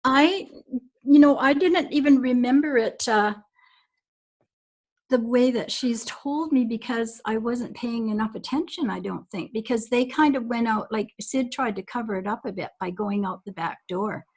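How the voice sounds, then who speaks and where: A woman's voice: a little high, normal speed, rough recording. A woman guest on a recorded call, telling stories from long ago in a reflective, rambling way with many fillers. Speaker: guest recalling early days.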